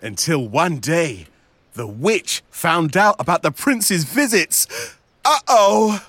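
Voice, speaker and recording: A man narrating a children's story, animated and speaking to young listeners. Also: fairly high pitch, slow pace, no echo.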